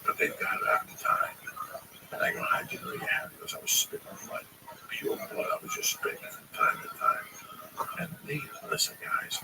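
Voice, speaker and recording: A man's voice: extremely high pitch, vocal fry. A middle-aged man telling long, profane, rambling stories to friends in a casual livestream. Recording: distant mic with loud background noise.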